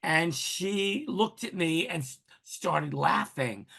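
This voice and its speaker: Gravelly animated man telling a story. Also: fairly high pitch, slow pace. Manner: animated storyteller, acts out quoted voices. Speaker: interview guest. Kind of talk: casual storytelling.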